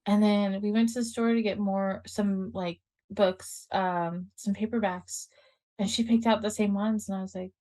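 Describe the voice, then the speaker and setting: A middle-aged woman guest chatting casually, bubbly and quick to laugh. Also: mid-range voice, steady tone, mellow. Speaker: guest, journal creator. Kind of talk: casual chat.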